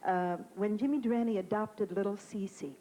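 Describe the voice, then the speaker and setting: A woman's voice: mid-range voice, fairly even intonation, moderate pace, mellow, low-quality recording. A woman comedian telling stories as a talk show guest, chatty and theatrical, dropping into impressions. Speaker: comedian and singer. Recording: old 1980 TV broadcast with audience noise.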